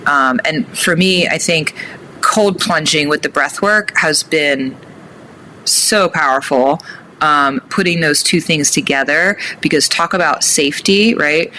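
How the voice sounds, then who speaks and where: A woman guest talking casually about breathwork in an interview, animated and emphatic. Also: unhurried, a little hiss or hum. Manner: animated, rising pitch on emphasis.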